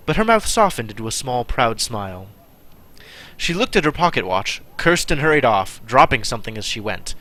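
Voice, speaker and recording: A man's voice: medium pitch, big pitch swings, normal speed, pushed and bright. A man streaming a text adventure game, reading the story aloud and adding wry, chatty asides. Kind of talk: live game play with narration.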